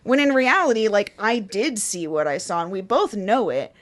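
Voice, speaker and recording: A young woman co-hosting a casual podcast, explaining things with lively acted-out quotes and plenty of swearing. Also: medium pitch, normal speed. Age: young adult. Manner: animated storytelling with acted quotes, swears freely. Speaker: podcast guest co-host.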